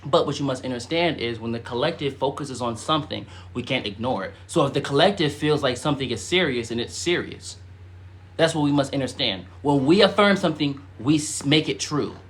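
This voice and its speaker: A man hosting a spiritual live stream, teaching casually and reading chat comments, animated, with sudden loud emphatic bursts and many fillers. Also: mid-range voice, fairly quick.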